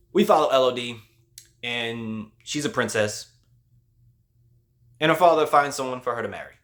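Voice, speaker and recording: A man's voice: lowish voice, a bit bright. A male host giving a casual spoiler movie review, retelling the plot in a loose, slangy way with lots of "like".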